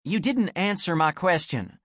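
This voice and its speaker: A man reading an audiobook and voicing an exasperated young woman who snaps indignantly, her voice rising high. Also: sing-song, unhurried, a bit bright, no room sound, studio quality, full character voice. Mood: angry. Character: exasperated young woman, sharp-tongued and desperate. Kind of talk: audiobook character voice.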